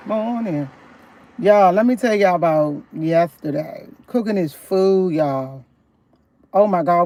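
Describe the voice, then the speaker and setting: A woman's voice: on the low side, no echo. A woman livestreaming from her parked car, telling rambling stories to her viewers and laughing often as she talks. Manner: rambling, chatty, keeps addressing viewers as y'all; laughs often, animated when retelling. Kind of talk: casual live-stream storytelling.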